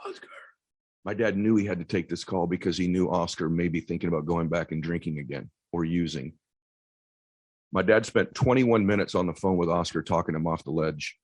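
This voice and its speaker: A middle-aged man with a deep voice giving an intense motivational speech, telling a personal story that sometimes drops to a hush. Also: fairly even intonation, fairly quick, no echo, low-quality recording. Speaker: motivational speaker.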